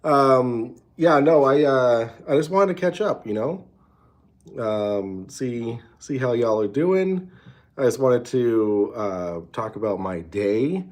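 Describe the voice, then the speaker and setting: A man's voice: medium pitch, expressive, slow pace. A man hosting a casual late-night livestream from a hotel room, rambling and swearing with many restarts. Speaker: show host.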